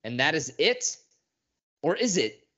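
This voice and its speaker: A man's voice: on the high side, measured pace. A man co-hosting a podcast, recapping a film in casual, profane chat and acting out scenes. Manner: animated, profane, acts out lines from scenes. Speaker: podcast co-host. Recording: dull lo-fi podcast audio.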